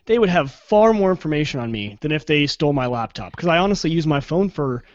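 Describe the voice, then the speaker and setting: A man co-hosting a casual tech podcast, quick and agreeable. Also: a little high, lively intonation, no echo. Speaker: new podcast co-host. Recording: dry lo-fi podcast mic.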